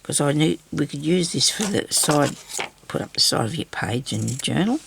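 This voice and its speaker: A woman's voice: low-pitched, animated, normal speed, gravelly, noisy background. An Australian woman chatting in a casual, rambling way while she crafts and tells stories. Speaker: craft vlogger.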